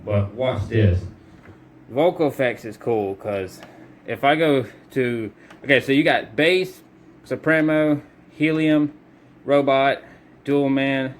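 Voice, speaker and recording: A man's voice: medium pitch, a little hiss or hum. Casual self-correcting male reviewer. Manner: loose, self-correcting, thinks aloud. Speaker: product reviewer. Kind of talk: casual product review demo.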